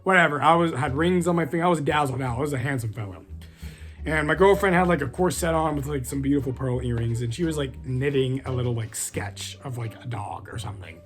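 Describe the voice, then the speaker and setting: A man's voice: medium pitch, fast, a bit bright. Rambling man telling a story. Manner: rambling, many fillers, profane. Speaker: storyteller vlogger. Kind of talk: casual storytelling.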